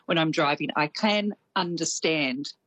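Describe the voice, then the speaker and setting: A woman's voice: low-pitched, measured pace, no room sound, poor audio. A woman from Australia with a slight New Zealand lilt, chatting as a radio correspondent. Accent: Australian with some New Zealand. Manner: chatty, animated, laughs easily.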